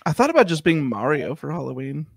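A man co-hosting a casual chat, defending his view with easy laughs and exasperated questions. His voice is high, and the sound is dry and close to the mic. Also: big pitch swings, quick pace, creaky, dry recording. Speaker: co-host. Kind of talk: casual banter.

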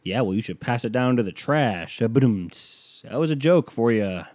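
A man's voice: mid-range voice, animated, normal speed, a little mellow, dry recording, studio quality. A man hosting a podcast, delivering a sarcastic, ranting comedic monologue and acting out the people he quotes. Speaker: podcast host.

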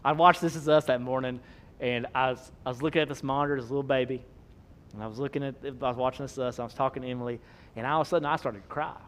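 A man, preaching a sermon, swinging between loud emphasis and soft low asides. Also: steady tone, racing. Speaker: pastor.

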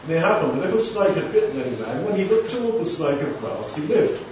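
A man's voice: fairly high pitch, big pitch swings, fast talker, a little hiss or hum. Man preaching in a very echoey hall. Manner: conversational, acts out dialogues. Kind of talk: sermon. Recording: echoey room, distant mic, dull sound.

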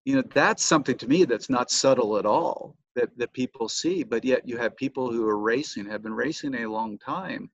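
A man explaining race tactics in a measured, storytelling way. His voice sits at an ordinary pitch. The audio is dull and lo-fi, with a dry, close sound. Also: no room sound. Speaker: cycling coach and former pro racer, podcast guest. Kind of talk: casual interview storytelling.

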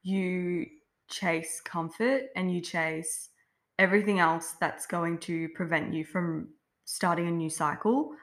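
A woman co-hosting a self-development podcast in casual conversation. Her voice sits fairly low, and she talks in a relaxed, reflective way, often filling pauses with "like". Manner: relaxed, reflective, uses many fillers. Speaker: podcast co-host.

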